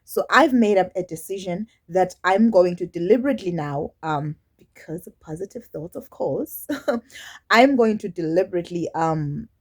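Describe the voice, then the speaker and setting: A woman vlogger talking openly to her camera, candid and halting, often restarting her sentences and acting out quoted remarks. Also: lowish voice, expressive. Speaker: YouTube vlogger. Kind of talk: personal confessional vlog.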